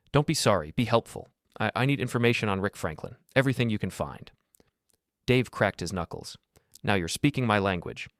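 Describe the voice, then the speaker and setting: A man with a low-pitched voice narrates a dramatic first-person story in a steady, dry storytelling manner. The recording is close and dead, with no room sound at all. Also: no echo.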